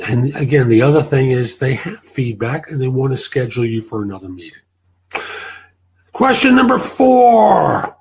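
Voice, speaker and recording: A man's voice: mid-range voice, darkish tone, slight background noise, rough recording. A man hosting a career advice show, answering listener questions in a blunt, plain-spoken way.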